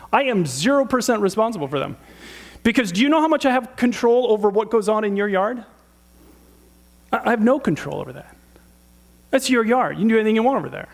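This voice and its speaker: A middle-aged man preaching a sermon in a church, conversational and animated, asking the audience rhetorical questions. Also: high voice, fairly quick. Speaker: pastor.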